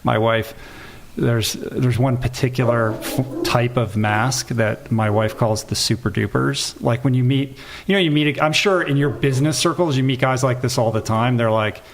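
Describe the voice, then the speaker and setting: A man's voice: mid-range voice, moderate pace, slight background noise. A man hosting a podcast, talking casually and acting out short quoted voices. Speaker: podcast host. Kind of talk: casual interview conversation.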